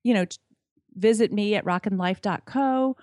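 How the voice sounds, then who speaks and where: A woman's voice: medium pitch, moderate pace, a little mellow, no room sound, studio quality. A middle-aged woman, a podcast guest, chatting enthusiastically and often restarting her sentences. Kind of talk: casual interview chat.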